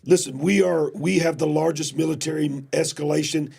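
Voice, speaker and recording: Male host, raspy and gravelly, emphatic commentary, nursing a cough. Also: on the high side, steady tone, brisk. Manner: emphatic, builds to shouted questions. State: coughing, cough drops in mouth. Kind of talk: casual political commentary.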